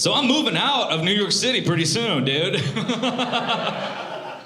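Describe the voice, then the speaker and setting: Animated young comedian, lively swooping voice. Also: male voice, high voice, a little slow. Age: 20s. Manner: animated, profane, self-mocking. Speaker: stand-up comedian. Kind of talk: live stand-up set. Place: comedy club stage. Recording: roomy comedy club.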